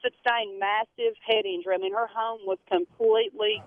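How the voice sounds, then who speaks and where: A woman's voice: mid-range voice, fairly even intonation, normal speed. A woman calling in to a radio show and telling a story earnestly. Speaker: radio caller. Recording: tinny phone line.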